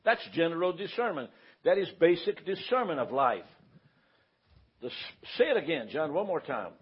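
A man's voice: a little high, sing-song, moderate pace, slightly rough. A man teaching a Bible class in a conversational way, often checking that the room follows him. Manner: conversational, asks the room for confirmation. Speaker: pastor teaching a church class. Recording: dull lo-fi recording.

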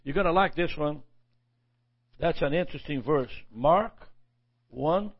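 A male preacher teaching from scripture in a sermon, his voice sitting a little high. He talks in halting bursts, restarting and repeating words as he goes. The recording sounds dull and lo-fi. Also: animated, slightly rough.

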